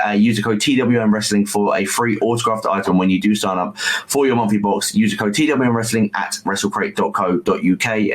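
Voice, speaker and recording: A man hosting a podcast in casual chat, chatty and self-mocking with quick asides. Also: lowish voice, poor audio. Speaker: podcast host.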